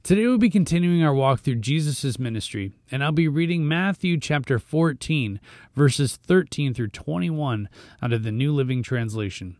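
This devotional podcast host speaks in a slightly mellow mid-range voice, animated and at a normal speed. He reads scripture, then muses on it informally, with fillers and restarts. Recorded in a clean studio without echo.

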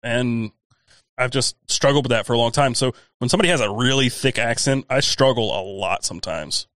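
A man's voice: mid-range voice, fairly quick, a bit bright, no room sound. A man co-hosting a podcast in casual chat, hesitant and prone to mumbling. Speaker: podcast co-host.

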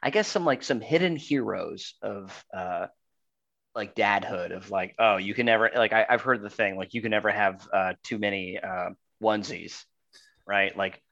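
A man's voice: on the low side, normal speed, gravelly, pushed and bright, dull audio. A man co-hosting a casual podcast, teasing his partner and joking, with lots of fillers and restarts. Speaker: podcast co-host.

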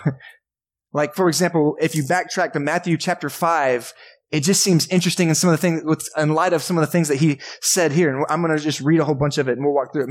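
A man, a pastor, preaching a casual, joking sermon in a church and acting out voices from the crowd. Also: on the high side. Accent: Texan. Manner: conversational, jokey preaching with acted-out voices. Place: church sanctuary.

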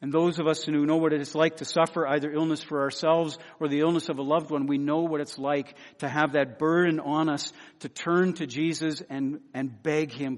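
Earnest preacher man in a reverberant hall. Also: on the high side. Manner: earnest, building emphasis with repeated phrases and soft pleading quotes. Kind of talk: sermon.

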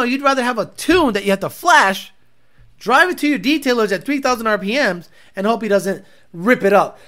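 Brash male car-show host, casual profane rant with Spanish asides, lively pitch. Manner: profane, animated, with sudden bursts of Spanish.

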